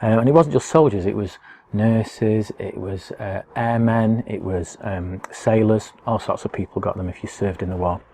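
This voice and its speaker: A man's voice: on the low side, normal speed, vocal fry, dark tone, slight background noise. A man, explaining things to schoolchildren in a friendly, chatty way with lots of fillers. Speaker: educator presenting a school topic box.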